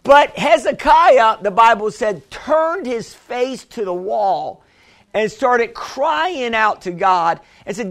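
A man's voice: extremely high pitch, lively intonation, slow pace, creaky, a bit bright. A male pastor preaching a sermon, calling on the congregation for amens and repeating phrases for emphasis. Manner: preaching with call-and-response, asking for amens.

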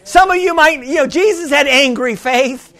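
A middle-aged man, a pastor, preaching a sermon: he tells stories quietly, then builds to shouted, excited exclamations. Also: very high voice, normal speed.

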